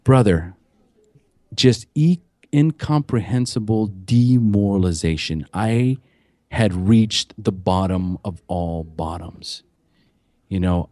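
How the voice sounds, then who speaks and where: Cast: man, podcast guest, lowish voice, earnest confessional storytelling, dry close mic. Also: a little mellow, dry recording. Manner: emotional, earnest storytelling with profanity. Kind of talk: candid recovery story.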